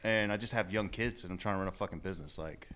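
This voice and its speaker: A man's voice: low voice, fast, a bit bright. A man co-hosting a podcast, chatting loosely and joking, with casual swearing. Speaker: podcast co-host. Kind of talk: casual chat.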